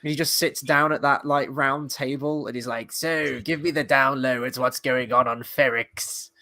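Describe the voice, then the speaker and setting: A man's voice: mid-range voice, fairly even intonation, normal speed, sharp tone. A man hosting a casual show review, rambling with lots of fillers and the odd swear word. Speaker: podcast host.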